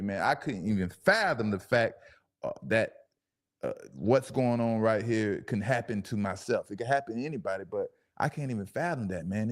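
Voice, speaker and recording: A man hosting a talk show, giving casual, animated commentary on a clip with speech. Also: lowish voice. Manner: animated, laughing, drawn-out emphatic asides. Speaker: show host.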